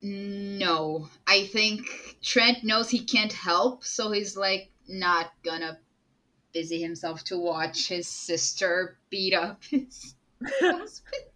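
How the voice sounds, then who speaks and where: Woman player, bright voice, casual and joking while describing her character. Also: mid-range voice, lively intonation, slow, low-quality recording. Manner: casual, joking, mid-scene asides. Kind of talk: tabletop role-play, describing her character.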